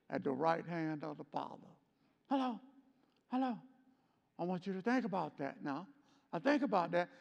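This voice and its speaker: A man teaching a Sunday school lesson, preaching with call-and-response and swinging between loud emphatic lines and quiet low ones. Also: gravelly, big-room sound. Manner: call-and-response, repeats "hello" and "what?". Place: church.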